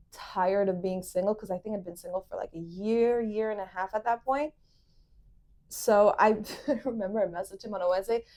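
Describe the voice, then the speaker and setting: A young woman co-hosting a casual chat show, telling a dating story in an animated way and acting out what people said. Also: mid-range voice. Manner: animated, quotes people in lively voices. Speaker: podcast co-host.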